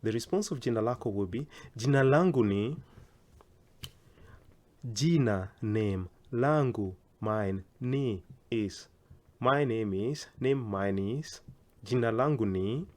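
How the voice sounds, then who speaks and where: A male language teacher drilling phrases slowly and carefully, stressing the rising pitch of questions. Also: darkish tone. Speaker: Swahili teacher. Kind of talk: language lesson.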